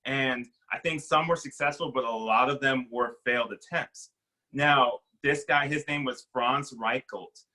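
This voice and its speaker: A young adult man giving a casual, conversational sermon as a pastor, acting out quick bits of dialogue. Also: mid-range voice, bright, forceful tone, poor audio.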